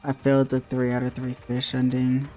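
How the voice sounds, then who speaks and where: A man's voice: mid-range voice, monotone, normal speed, dark tone, faint music behind. A young man streaming a game, rambling and joking in casual commentary and swearing often.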